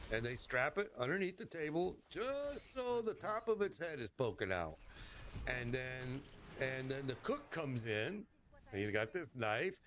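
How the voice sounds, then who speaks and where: Animated rambling man telling a story. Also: on the high side, dry recording. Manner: animated, rambling, swears casually. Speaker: gaming streamer telling a story. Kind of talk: casual storytelling while gaming.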